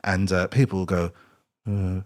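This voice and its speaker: A man's voice: lowish voice, fast. A man, a podcast guest chatting casually and acting out his stories with frequent laughs. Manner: animated storyteller, acts out scenes, laughs often.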